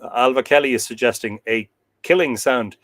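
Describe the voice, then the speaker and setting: A man hosting a live podcast, reading old myths aloud and breaking off into chatty, halting asides. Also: medium pitch, a bit bright, no room sound, clean studio sound.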